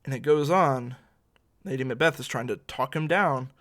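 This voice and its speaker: A man teaching literature in a relaxed, conversational lecture, explaining a play scene by scene with slangy asides. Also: medium pitch, normal speed.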